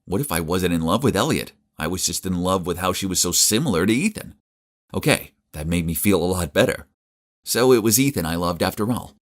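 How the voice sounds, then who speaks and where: A young man giving earnest, emotive first-person narration for an animated story. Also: deep voice, brisk.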